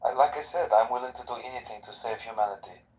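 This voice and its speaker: A man's voice: mid-range voice, fast talker, darkish tone. A man in a heated online chat who talks insistently and formally, in broken grammar. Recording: muffled lo-fi audio.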